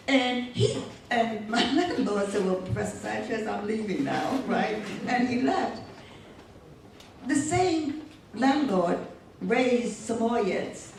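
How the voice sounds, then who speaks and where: An older woman recounts her memories with lively energy and frequent laughter, her fairly high voice carrying through a reverberant hall. She sounds distant from the microphone, with faint room noise underneath. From United States. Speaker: poet being interviewed. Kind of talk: animated storytelling. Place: museum hall. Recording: echoey hall, distant mic.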